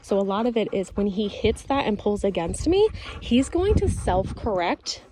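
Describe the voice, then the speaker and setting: A woman dog trainer talking outdoors in a calm, steady, instructive way while working a dog, hot and sweating. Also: on the high side, noisy background. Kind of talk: training vlog narration.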